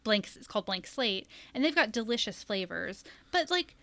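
A woman's voice: on the high side, big pitch swings, normal speed, creaky, sharp tone, no echo. A woman in casual conversation, rambling with lots of fillers as she describes a trip. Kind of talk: casual chat.

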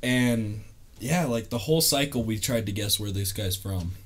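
A man's voice: lowish voice, normal speed, a crowd in the background. A young man telling stories in casual chat, loose and laid-back, full of fillers and laughs. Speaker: interviewee, army veteran.

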